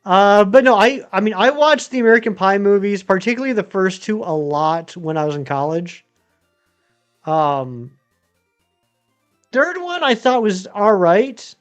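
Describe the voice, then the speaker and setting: A man in his thirties talks loosely to his viewers, drifting between topics and filling gaps with ums. His voice sits high for a man. Soft music plays faintly behind him. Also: big pitch swings, measured pace, clear, resonant tone, muffled recording. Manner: rambling, chatty, many ums and uhs. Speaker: game streamer. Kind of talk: casual live-stream chat answering viewers.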